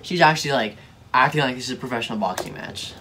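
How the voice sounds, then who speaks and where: A man's voice: medium pitch, quick pace, sharp tone, a little hiss or hum. A young man giving casual reaction commentary, slangy, mocking and easily exasperated. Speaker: video reactor.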